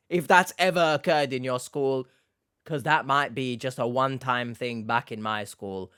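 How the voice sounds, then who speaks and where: A man hosting a reaction commentary, sarcastic and mocking, with sudden loud outbursts. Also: medium pitch, fairly even intonation, moderate pace, clean tone, dry recording, studio quality. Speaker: commentary host.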